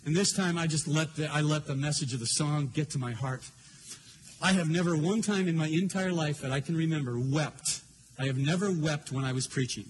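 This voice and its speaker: Older preacher with a high voice. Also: male voice, brisk, a little hiss or hum. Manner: earnest, emotional storytelling. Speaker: pastor. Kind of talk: sermon.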